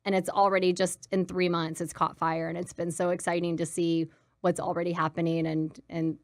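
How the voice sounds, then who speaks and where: A woman talking as a guest on a studio talk show, lively and chatty with self-deprecating humor. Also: fairly low pitch, fairly quick, no room sound. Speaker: guest, co-founder. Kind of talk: casual studio interview.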